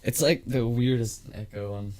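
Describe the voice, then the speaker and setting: A man co-hosting a casual podcast, given to hedging and shrugging things off. His voice sits at a plain mid pitch. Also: moderate pace, darkish tone, a little hiss or hum. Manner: unsure, hedging. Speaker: podcast co-host. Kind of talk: casual chat.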